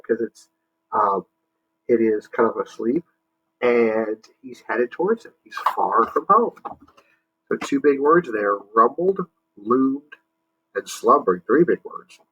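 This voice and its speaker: A male teacher with a bright, mid-range, slightly husky voice reads a picture book aloud to children at a slow, patient pace. He stops to explain words and invites the kids to join in. The recording sounds dull and lo-fi.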